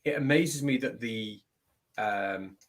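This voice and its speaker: A man's voice: mid-range voice, slow pace, noisy background. A man with an English accent, chatting casually as a guest on a video call, rambling through long restarted sentences. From England. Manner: rambling, full of fillers and restarts.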